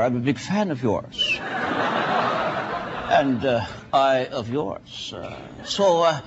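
A man doing a comedy impression of a vain former prime minister who interviews himself, smug and halting with many uhs. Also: medium pitch, highs cut off.

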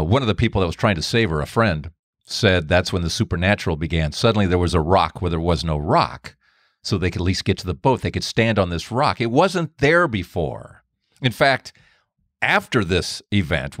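A man hosting a faith podcast, telling a story in an animated way and jumping up in pitch for the voices he quotes. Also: dry recording, clean studio sound. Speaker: podcast host. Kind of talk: storytelling monologue.

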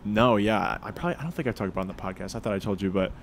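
A man's voice: lowish voice, racing, a little hiss or hum. A young man co-hosting a podcast from his apartment, in a laid-back chat full of swearing and filler words. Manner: laid-back, swears a lot, says dude and like. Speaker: podcast co-host. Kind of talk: casual chat. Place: apartment room.

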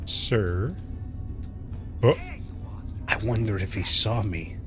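A man hosting a let's play, giving gameplay commentary full of jokes, swearing and quick reactions. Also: fairly low pitch, over music.

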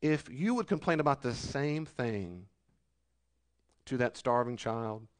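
A male pastor preaching a sermon, shifting between loud rebukes and quiet asides, and mocking complainers in whiny voices. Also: mid-range voice, animated, slow pace.

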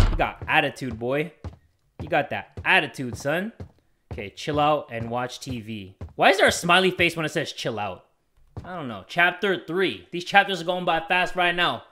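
A young man talks over a horror game in loose, slangy commentary, his pitch swooping up and down. He talks slowly and reads the prompts out loud, and he yelps when something scares him. A steady hiss of noise runs under his voice. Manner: casual slangy chatter. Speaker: gaming YouTuber. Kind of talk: let's play commentary.

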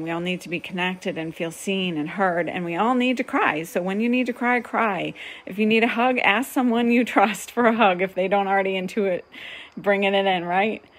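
Woman, spiritual host, gentle, soothing, laughs often, casual live stream, medium pitch. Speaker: spiritual teacher hosting a live session. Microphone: webcam or phone for a live stream.

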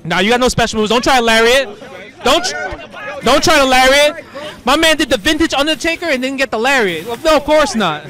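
A man commentating players in excited casual talk, full of slangy hype reactions and sudden shouts. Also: extremely high pitch, brisk, a crowd in the background. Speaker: host commentating pro players.

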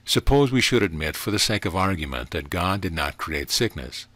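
A man with a deep voice reading the lines of an eager, earnest minister who asks questions and sometimes hesitates, recorded dry. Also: expressive, normal speed, a bit bright, dry recording. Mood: earnest questioning.

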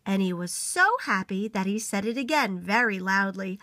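Woman, teacher, picture book read-aloud, animated, bright, dry close sound. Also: medium pitch, moderate pace, no echo. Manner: expressive, animated narration.

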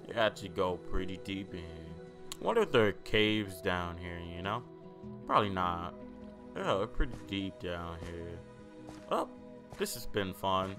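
A young man doing a profane, excitable let's-play commentary, yelping and repeating himself when things go wrong. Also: sits low, moderate pace. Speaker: gaming YouTuber. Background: background music.

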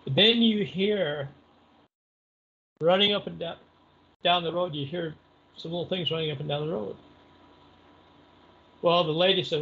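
A man's voice: on the high side, vocal fry, a bit bright, dull audio, slight background noise. A middle-aged man telling a long story in a rambling, conversational way, full of fillers. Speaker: interview guest. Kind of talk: casual storytelling.

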